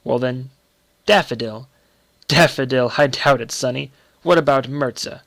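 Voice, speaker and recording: A man's voice: medium pitch, a little slow, creaky, fairly bright tone, no room sound. A man playing a jovial, teasing middle-aged uncle with a bluff, laughing manner. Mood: amused.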